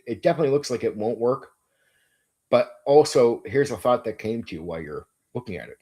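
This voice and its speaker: A man's voice: lowish voice, a little mellow, breathy edge. Enthusiastic swearing male game master. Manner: enthusiastic, emphatic, swears freely, repeats words while thinking. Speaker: game master and channel host. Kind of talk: casual livestream chat about running tabletop games.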